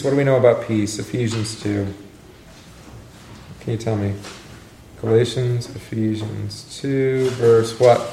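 A man's voice: medium pitch, mellow. Guy teaching bible class, chatty and jokey, echoey room with faint hiss. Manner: chatty, joking, asks the class questions.

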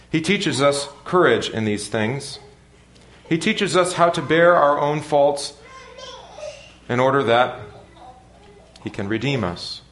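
A man preaching a sermon in a measured, earnest manner with deliberate pauses. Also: medium pitch, a bit bright, echoey room, a little hiss or hum. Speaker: pastor.

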